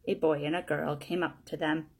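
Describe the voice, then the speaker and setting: A woman reading a children's storybook aloud in a plain, steady way, one sentence at a time. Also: deep voice, normal speed, creaky, breathy edge. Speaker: storybook reader.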